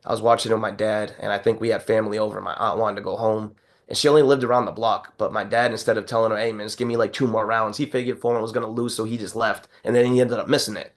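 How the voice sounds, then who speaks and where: A man co-hosting a podcast in casual chat, telling stories with animated energy, acting out quotes and swearing freely. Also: lowish voice, very fast. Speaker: podcast co-host.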